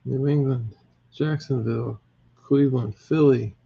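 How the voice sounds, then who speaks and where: This man's steady, mid-range voice is gravelly and mellow with a breathy edge, and he speaks at a measured pace. He's the host of a casual live group break, counting out loud, calling names and teams in a team draw, and laughing at his mistakes. The recording is muffled and lo-fi, with faint noise.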